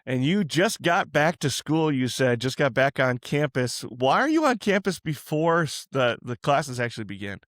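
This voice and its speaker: Male podcast host, casual and rambling, mid pitch, dry close recording. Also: normal speed, hardly any pauses, dry recording. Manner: relaxed, chatty, musing aloud with restarts. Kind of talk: casual Christian podcast interview.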